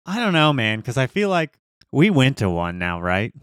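Young male co-host, dry close mic, relaxed teasing delivery. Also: medium pitch, moderate pace, clean tone, dry recording. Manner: laid-back, teasing, reacting. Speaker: podcast co-host. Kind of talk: casual podcast banter.

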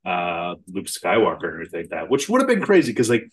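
A man's voice: low voice, wildly swooping pitch, fast. A man co-hosting a podcast, chatting casually about a film, swearing freely and laughing often. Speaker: podcast co-host.

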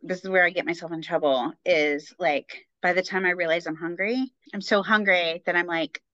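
Woman co-host, casual chat, bright forceful voice, dry dull lo-fi sound. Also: on the low side, steady tone, dry recording. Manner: fast, chatty, lots of fillers. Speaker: podcast co-host.

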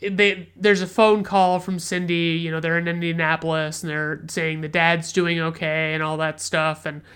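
A woman's voice: sits low, level tone, moderate pace, a bit bright, clear, resonant tone. A woman hosting a casual film review podcast, retelling scenes in a rambling, profane way with frequent restarts and fillers. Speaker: podcast host reviewing films.

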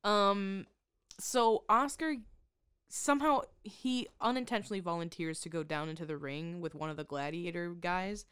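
A woman co-hosting a podcast in casual chat, recapping a show with sarcastic, exasperated asides and quick laughs. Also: lowish voice, a bit bright, smooth, dry recording, studio quality. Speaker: podcast co-host.

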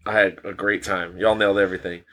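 A man's voice: low voice, level tone, quick pace, fairly bright tone. A young man co-hosting a podcast in casual chat, laid-back, swearing a lot and laughing often. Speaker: podcast co-host.

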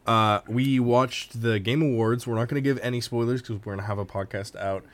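A man's voice: medium pitch, steady tone, fairly quick. A man co-hosting a casual gaming podcast, rambling with many fillers and restarts. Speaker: podcast co-host.

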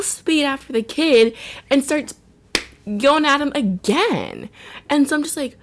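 A young woman telling stories in casual chat, animated and full of "like". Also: on the high side, unhurried. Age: young adult. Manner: chatty, animated storytelling with lots of "like". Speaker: podcast co-host.

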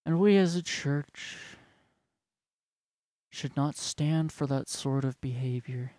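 A man putting on the voice of a droning older male church elder, preaching in a slow, solemn monotone. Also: mid-range voice, dry recording, studio quality, close to an everyday voice. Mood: pompous droning.

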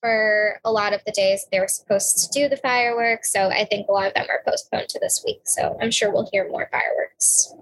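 A young woman co-hosting a podcast, chatting casually and reacting with quick interjections. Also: medium pitch, fairly even intonation, no room sound, poor audio. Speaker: podcast co-host. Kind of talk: casual chat.

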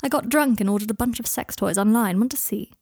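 A woman's voice: on the high side, fast talker, darkish tone, breathy edge, no room sound, studio quality. Woman doing a teasing, mischievous young wizard. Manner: light, mischievous, wry.

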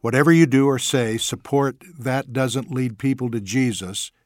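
A man's voice: mid-range voice, normal speed, darkish tone, no echo, clean studio sound. A man hosting a faith podcast, affirming his guest and asking open questions. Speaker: guest host.

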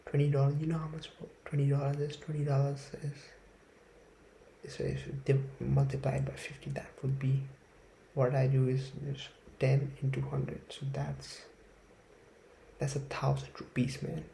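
A young Indian man with a gravelly, mellow voice rambles through a nervous, profane solo podcast. He is recorded without a proper microphone in a roomy space, with a faint hum behind him. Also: mid-range voice, monotone, moderate pace. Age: young adult. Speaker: podcast host. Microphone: phone or built-in mic, no microphone.

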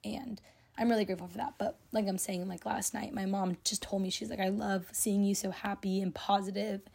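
Husky young woman hosting a podcast. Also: mid-range voice, fairly even intonation, a little fast, a little mellow. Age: young adult. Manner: chatty, lots of "like" and "you know". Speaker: podcast host. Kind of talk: casual solo podcast talk.

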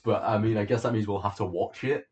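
A man co-hosting a casual podcast chat, talking in a deadpan, offhand way. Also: fairly low pitch, quick pace. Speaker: podcast co-host. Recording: dull lo-fi sound.

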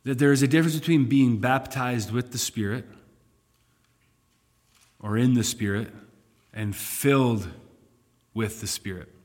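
A male pastor leads a Bible study in a relaxed, conversational style, growing louder and more emphatic when reading scripture aloud. His middling-pitched voice is a little slow with frequent pauses, and a long reverb trails each phrase as in a big hall.

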